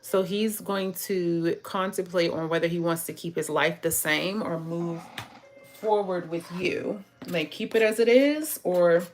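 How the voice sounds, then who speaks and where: A woman's voice: on the low side, measured pace. A woman giving a casual tarot reading who talks straight to her viewers, chats freely and laughs often. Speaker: tarot reader.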